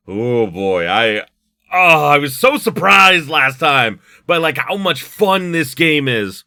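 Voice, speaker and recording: A man's voice: on the high side, big pitch swings, takes it slowly, creaky, sharp tone, dry recording, studio quality. A man in his thirties giving rambling let's play commentary, full of likes and you knows. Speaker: gaming YouTuber.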